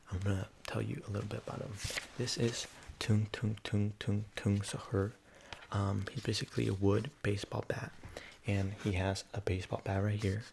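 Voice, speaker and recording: A man in a whispered role-play, rambling softly with lots of fillers and coaxing the listener to repeat silly names after him. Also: on the low side, gravelly, a little hiss or hum. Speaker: ASMR creator.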